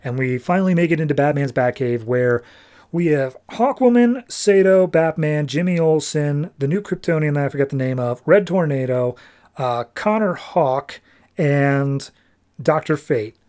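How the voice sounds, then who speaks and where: A man's voice: a little high, lively intonation, normal speed, a little mellow. A man hosting a podcast, retelling a comic book story in a loose, chatty way full of "like" and quoted dialogue. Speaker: podcast host. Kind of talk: casual comic book recap.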